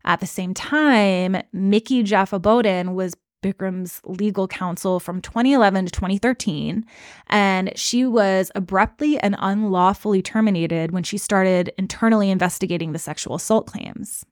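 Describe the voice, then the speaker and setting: A woman's voice: mid-range voice, normal speed, no echo, studio quality. A woman co-hosting a podcast, telling a story in casual chat and acting out the quotes with lots of "like.". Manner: animated, acts out quotes with lots of "like". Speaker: podcast co-host.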